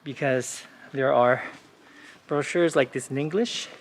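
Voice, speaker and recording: Male travel host, relaxed tour-guide delivery, outdoor street walk, faint background noise. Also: mid-range voice, unhurried. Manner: relaxed, informative, with frequent "uh" and "you know" fillers. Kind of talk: casual walking tour narration.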